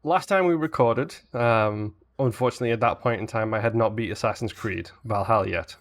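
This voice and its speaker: A man's voice: on the low side, brisk. A man from England, co-hosting a casual gaming podcast, teasing and playful as he tells his stories. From northern England. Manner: teasing, playful, animated storytelling. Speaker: podcast co-host.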